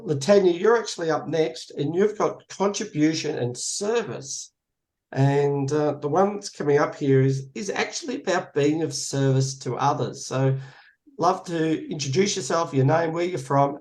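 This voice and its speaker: This is a man guiding a group through a conversation card game on a video call. His voice sits a bit high for a man, and he moves the talk along with encouraging thanks for each speaker. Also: unhurried, a little mellow.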